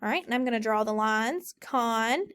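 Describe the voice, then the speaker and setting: A woman teacher leading a recorded phonics lesson, slowly modeling and stretching out each word for students. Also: fairly high pitch, a bit bright, clear, resonant tone. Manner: slow, drawn-out modeling of words.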